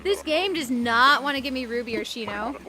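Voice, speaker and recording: A woman's voice: sits high, lively intonation, brisk, a crowd in the background. A woman streaming a video game, chatting casually, reading chat aloud and ranting playfully with frequent giggles. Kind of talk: casual live-stream chat while gaming.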